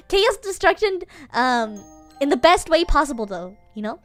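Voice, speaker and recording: Bubbly high-voiced young woman streamer. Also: big pitch swings, slow, long pauses, a bit bright, soft background music. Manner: bubbly and giggly, thanking viewers. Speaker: VTuber streamer. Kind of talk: casual live-stream chat.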